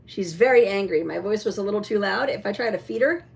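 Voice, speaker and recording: A woman in a casual show-and-tell vlog, chatting about a toy with many fillers and some throat-clearing. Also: mid-range voice, fast. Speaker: vlogger showing a toy.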